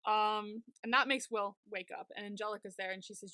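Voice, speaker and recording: A woman's voice: medium pitch, fairly even intonation, brisk, sharp tone, clear, resonant tone, no room sound. A young woman co-hosting a podcast, animatedly retelling a TV episode in casual chat, full of "like" and fillers. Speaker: podcast co-host.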